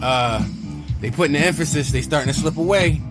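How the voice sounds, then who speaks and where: A man's voice: fairly high pitch, fairly quick, over loud music. A man hosting his gaming channel, chatting casually in slang and cheering himself on while he plays. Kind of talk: casual gameplay commentary.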